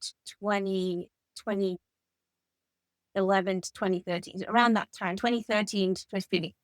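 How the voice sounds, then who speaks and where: An English woman in her fifties, a guest author in an interview, telling lively anecdotes. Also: medium pitch, normal speed, no room sound. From England. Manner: animated anecdotal storytelling. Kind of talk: conversational interview.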